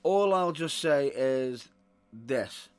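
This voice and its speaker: A man hosting a podcast and ranting in exasperation, rising to loud outbursts. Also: mid-range voice, animated, extremely slow, smooth. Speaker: wrestling podcast host. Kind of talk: opinionated commentary.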